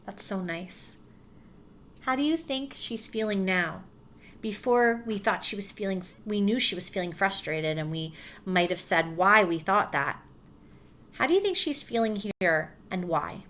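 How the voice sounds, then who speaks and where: A woman teacher reading a picture book aloud to children, gently pausing to ask questions and spelling letters out slowly. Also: mid-range voice, animated.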